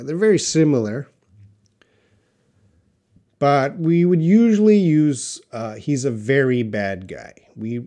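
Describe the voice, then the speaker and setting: Slow, patient male English teacher. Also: mid-range voice, darkish tone. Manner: slow, patient, explains with example sentences. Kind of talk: live-stream Q&A lesson.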